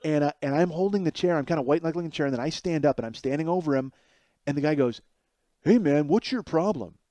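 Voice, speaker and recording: Man in his forties, podcast host; animated solo storyteller who swears freely and mocks himself. Slightly high, mellow voice, dry close sound. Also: rapid-fire, no echo. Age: 40s. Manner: animated, profane, self-mocking.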